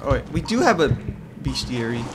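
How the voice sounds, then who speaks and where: Here a gamer with a medium-pitched voice talks fairly quickly over a noisy background. He's in a co-op video game with friends, chatting casually, excitably yelping when something startles him and cooing baby-talk at a creature.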